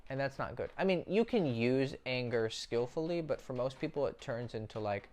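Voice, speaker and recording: A man's voice: medium pitch, expressive, normal speed, a little mellow. A young man giving dating advice as a coach, blunt and profane, talking straight to the viewer in a casual monologue.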